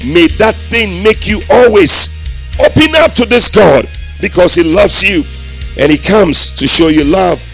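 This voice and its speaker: A man preaching a sermon as pastor, in a sing-song, emphatic delivery that rises to shouted declarations. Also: high voice, lively intonation, measured pace, gravelly, soft background music.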